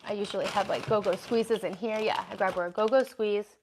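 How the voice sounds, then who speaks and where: A woman's voice: medium pitch, steady tone, a little fast, darkish tone, a little hiss or hum. A woman hosting a casual livestream from her home kitchen, chatting and reading out viewer comments as she answers them. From United States. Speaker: livestream host.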